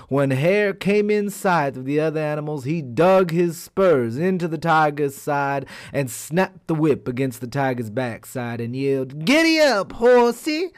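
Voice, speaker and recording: A man telling a folk tale aloud as a storyteller, in an expressive, unhurried manner. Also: fairly high pitch. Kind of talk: animated storytelling.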